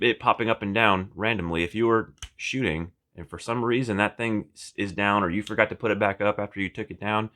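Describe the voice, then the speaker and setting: A man's voice: on the low side, fairly bright tone. A man giving a casual, rambling product review, full of fillers, restarts and wry asides. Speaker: firearms reviewer.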